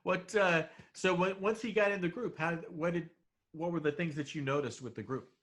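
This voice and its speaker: A man interviewing a guest, asking halting questions and giving brief reactions. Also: on the high side, fairly bright tone.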